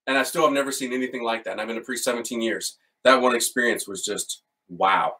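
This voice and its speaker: Middle-aged priest guy, animated and excitable, casual slangy talk, voice kinda distant from the mic. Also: medium pitch, normal speed, pauses often. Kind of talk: storytelling talk.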